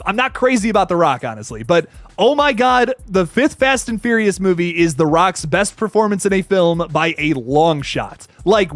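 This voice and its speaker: A man hosting a horror movie channel, chatting casually on a livestream, excitable and swearing often. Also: sits high, no room sound. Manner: excitable and swearing, with frequent laughs. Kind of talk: casual livestream chat reading super chats.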